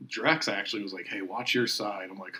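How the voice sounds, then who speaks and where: A man hosting a casual podcast, his voice bright and a little forceful. He tells lively gym stories and laughs often as he talks. A faint hiss of room noise sits under his voice. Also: fairly low pitch, normal speed. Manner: laughing storyteller, animated retelling of gym stories. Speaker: podcast host. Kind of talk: casual chat.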